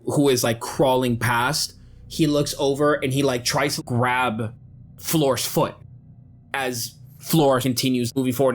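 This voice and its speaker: A man runs a tabletop game, describing the scene in slow, measured narration. Faint music plays under his voice. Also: mid-range voice. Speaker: game master.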